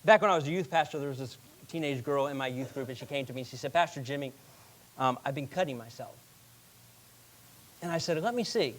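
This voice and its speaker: A male pastor delivers a sermon in a church, his voice sitting a little higher than most men's. He tells stories with energy, jumping to loud bursts and then slowing right down for emphasis. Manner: animated storytelling preacher, with sudden loud bursts and slowed emphatic phrases. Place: church sanctuary.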